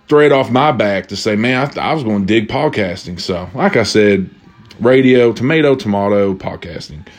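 A man's voice: medium pitch, darkish tone. Rambling man on a casual solo podcast. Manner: loose, rambling, slangy and repetitive; drinking while talking. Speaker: podcast host.

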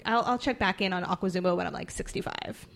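A woman's voice: on the low side, fast talker, gravelly, fairly bright tone. A young woman hosting a casual podcast, rambling with fillers and laughing easily. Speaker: podcast host. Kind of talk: casual chat.

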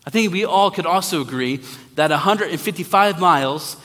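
A man's voice: sits high, pushed and bright. Earnest male preacher in a reverberant hall. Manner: earnest preaching with slow emphatic repetitions. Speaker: online minister. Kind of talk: sermon.

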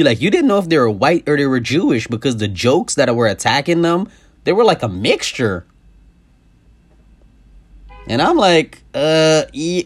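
A young man hosts a podcast, ranting in a loose, profane way. His voice sits a bit high for a man and swings from loud outbursts to low asides. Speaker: podcast host. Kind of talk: casual comedic rant.

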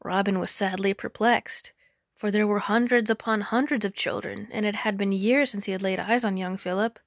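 A woman narrates an old folk tale at an even, measured pace, leaning into its drama. Her mid-pitched voice carries a gravelly fry at the ends of phrases. It sounds close and dry, with no room echo. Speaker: storyteller. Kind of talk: storybook narration.

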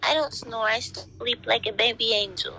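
A woman's voice: fairly high pitch, moderate pace, vocal fry, sharp tone, slight background noise, poor audio. A woman co-hosting a casual podcast, giggly, teasing and protesting, recorded on a phone voice memo app. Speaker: co-host. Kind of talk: casual chat.

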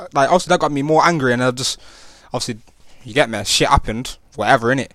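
A young man from England with a Nottingham accent talks in loose street slang, full of fillers and restarts. His voice sits at an ordinary middle pitch. The recording is dry and close. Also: lively intonation, fast talker, a bit bright, no room sound. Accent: Nottingham, East Midlands English. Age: young adult. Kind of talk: casual personal testimony.

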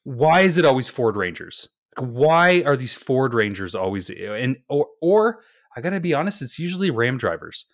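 A Canadian man co-hosts a podcast, launching into a profane, exasperated rant as he tells stories in casual chat. His mid-range voice swings widely in pitch at a normal speed, recorded in clean studio quality with no room sound.

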